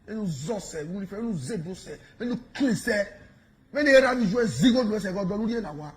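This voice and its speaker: A Nigerian man giving mocking, animated commentary in pidgin, taunting and laughing as he talks. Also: high voice, normal speed. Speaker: online commentator.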